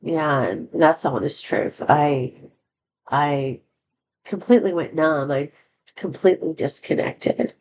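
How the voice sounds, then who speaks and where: A woman's voice: low voice, measured pace, a little mellow, a little hiss or hum, rough recording. A woman telling a personal story in a candid, rambling way, with many fillers and restarts. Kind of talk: casual storytelling monologue.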